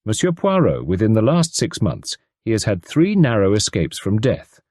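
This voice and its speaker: A man's voice: fairly low pitch, wildly swooping pitch, moderate pace, darkish tone, no echo, exaggerated voice. A worried American mother around thirty pours out her fears, earnest and pleading, with an American accent, a man doing her voice. Her lines swing up and down with feeling. The sound is close and dry, with no room around it. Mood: anxious.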